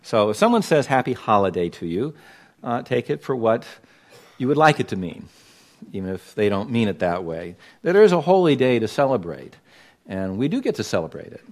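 A man's voice: lowish voice, very animated, brisk. Emphatic man preaching a sermon. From Los Angeles. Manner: emphatic, pointed preaching with sudden loud stresses. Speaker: pastor.

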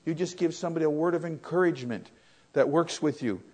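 An older man preaching a sermon, telling stories that swing from loud, excited retellings to quiet reflection. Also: fast, husky. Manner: storytelling, rises loud and high in excitement, drops to soft and low when reflective.

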